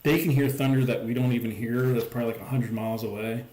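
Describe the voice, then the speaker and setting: A man's voice: mid-range voice, steady tone, fast, dark tone. A man hosting a livestream, chatting casually and rambling, with lots of "like" and "um". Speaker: livestream host. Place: home stream setup. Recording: roomy echo.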